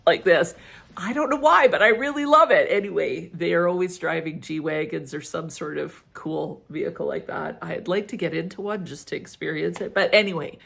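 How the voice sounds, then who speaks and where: A middle-aged woman chats about perfumes in a casual, gushing review, often breaking into giggles. Her voice sits a little low with a gravelly fry at phrase ends, and she talks loosely and warmly to viewers. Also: normal speed. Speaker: fragrance reviewer.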